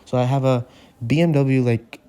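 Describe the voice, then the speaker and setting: Dude telling a storytime over gameplay, says like constantly, swears casually, warm mellow tone. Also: male voice, mid-range voice, steady tone, normal speed, smooth. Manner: rambling, heavy on "like" fillers, casual swearing. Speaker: gaming channel storyteller.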